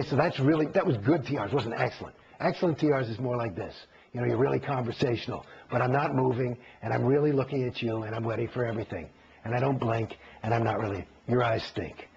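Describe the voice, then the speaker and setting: A man's voice: mid-range voice, dull audio. A man in a candid interview, telling a story with lots of swearing and acting out the exchanges he describes. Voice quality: gravelly, husky. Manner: profane, animated, acts out quoted exchanges.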